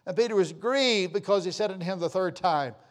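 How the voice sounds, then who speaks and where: An older man preaching a sermon as pastor, emphatic and calling for amens, his voice dropping from loud bursts to hushed lines. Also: high voice, fairly quick.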